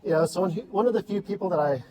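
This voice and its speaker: A man's voice: high-pitched, rapid-fire, crowd noise, rough recording. A man chatting casually on a podcast, telling long running stories with many fillers and restarts. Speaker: podcast guest, ultrarunner.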